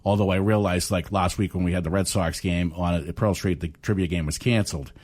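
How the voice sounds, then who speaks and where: A man's voice: low-pitched, steady tone, brisk, darkish tone. An older man with a Boston accent, a trivia host chatting as a guest on a radio talk show in a rambling, self-deprecating way. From South Boston. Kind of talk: casual radio interview.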